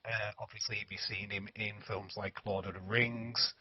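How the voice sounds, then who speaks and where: A man's voice: lowish voice, flat delivery, normal speed, husky, no echo. A man from the United Kingdom with a British accent, co-hosting a podcast in rambling casual chat with many restarts. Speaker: podcast co-host. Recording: dull lo-fi sound.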